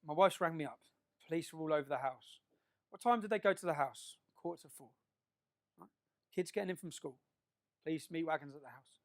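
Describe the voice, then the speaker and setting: A man giving an emphatic public speech to an audience, often checking in with a quick question tag. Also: fairly high pitch. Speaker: public speaker.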